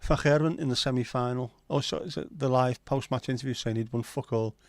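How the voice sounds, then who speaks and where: A man's voice: medium pitch, a little fast, no echo. Chatty, sweary male livestream host. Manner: chatty, sweary, banter-filled. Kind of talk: casual chat reading viewer comments.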